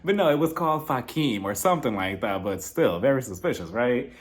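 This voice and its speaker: A chatty man recapping reality TV in a gossipy, casual way. His voice swings widely up and down as he acts out what people said in playful voices, and it sits in an ordinary middle pitch. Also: lively intonation, brisk. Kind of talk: casual episode review commentary.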